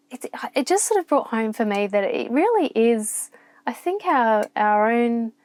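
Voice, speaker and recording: A woman's voice: on the high side, a little mellow, dry recording. An Australian woman vlogging alone from a campground, talking openly and reflectively with many restarts, emotional at times. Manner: open, reflective, rambling with restarts. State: near tears at times. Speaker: van life vlogger. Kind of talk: candid solo vlog to camera. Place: campground, inside a van.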